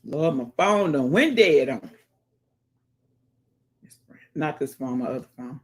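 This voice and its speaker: A woman hosts a casual live stream, reading her viewers' comments out loud with a lively, swooping voice. She keeps dropping into murmured hums and whispered asides, then bounces back up with an exclamation. She talks close to a phone or webcam and throws folksy sayings in between. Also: low-pitched, unhurried, husky.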